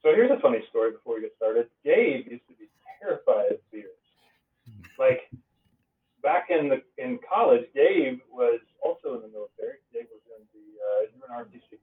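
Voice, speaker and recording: A man's voice: medium pitch, sing-song, normal speed. A young man hosts a podcast, upbeat and joking, then turns to asking questions. His voice comes through a narrow, phone-like band. He sits back from the microphone. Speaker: podcast host and pastor. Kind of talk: casual podcast conversation. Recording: tinny phone-like line, distant from mic.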